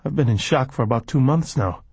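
A man playing a worn, wounded man who croaks out his words, husky and low. Close, dry sound. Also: animated, brisk, darkish tone, no echo. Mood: weary.

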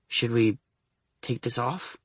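A man reading the lines of a gentle, nervous young man in a soft, hushed, reassuring voice. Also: medium pitch, slow, husky, no room sound. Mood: tender hush.

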